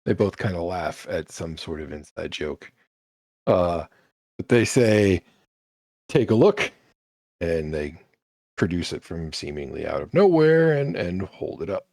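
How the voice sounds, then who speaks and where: A man's voice: low voice, a little slow, no echo, clean studio sound. A man narrating a tabletop game as game master, describing scenes and shop merchants. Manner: animated, voices merchants in character.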